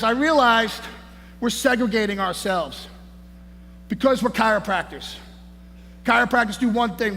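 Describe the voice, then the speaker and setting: On stage at a large conference hall, a man gives a hyped-up motivational speech, shouting and sprinkling his lines with "man" and "baby." His voice is very high-pitched and gravelly, and the recording carries hall echo and faint noise.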